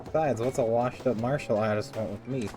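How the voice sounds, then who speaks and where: A man voicing a brash, cocky ex-gangster nightclub owner with a loud, streetwise manner. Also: mid-range voice, a little fast, over music, lightly acted.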